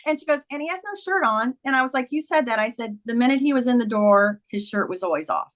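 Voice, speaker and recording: A woman's voice: a little high, expressive, quick pace, a bit bright. A middle-aged woman, a memoir author, earnestly recounting a personal story in conversation, acting out quoted dialogue.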